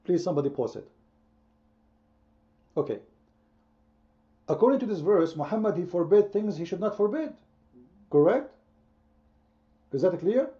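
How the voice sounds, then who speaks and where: A man's voice: high voice, very animated, a little slow, long pauses, mellow, muffled recording. A man hosting a heated online debate, speaking emphatically, repeating his points and quizzing his listeners. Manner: emphatic, repetitive, quizzing the audience. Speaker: debate host.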